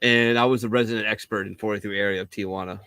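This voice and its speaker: A man's voice: on the low side, fairly even intonation, fast, pushed and bright, clean tone, no room sound. A middle-aged man, co-host of a live show, rambling through a profane story and acting out the quotes. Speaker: podcast co-host.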